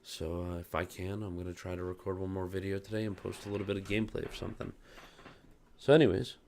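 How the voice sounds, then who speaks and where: Gravelly low-voiced man ranting. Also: level tone, fast talker, darkish tone, slight background noise. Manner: heated, profane storytelling. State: still angry and fuming. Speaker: gaming channel host. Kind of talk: casual ranting vlog.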